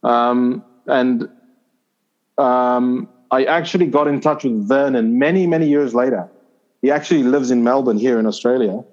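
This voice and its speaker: A man's voice: medium pitch, moderate pace, darkish tone. A middle-aged man from Zimbabwe, a former cricketer being interviewed, telling a long anecdote in a loose conversational way with fillers and restarts. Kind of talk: conversational storytelling. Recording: slightly dull lo-fi audio.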